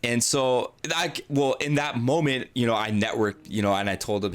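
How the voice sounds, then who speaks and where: A man's voice: medium pitch, fairly quick, few pauses, over music. A man hosting a casual livestream interview, rambling and chatty, acting out quotes and talking to his chat. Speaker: livestream host.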